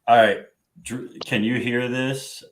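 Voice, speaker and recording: A man hosting a casual livestream, brisk and organizing, with some profanity. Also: mid-range voice, fairly even intonation, a bit bright, a little hiss or hum. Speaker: host running the show.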